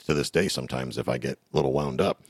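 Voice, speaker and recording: A man's voice: rumbling low, fast talker, slightly rough, dry recording, clean studio sound. A middle-aged man hosting a casual interview show, chatty and joking with lots of restarts. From United States. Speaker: host.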